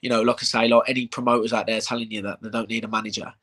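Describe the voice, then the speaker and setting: A man's voice: lowish voice, level tone, rapid-fire, fairly bright tone, rough recording. A man, a bare-knuckle fighter hosting a live chat, talking brashly and matey with plenty of swearing. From England.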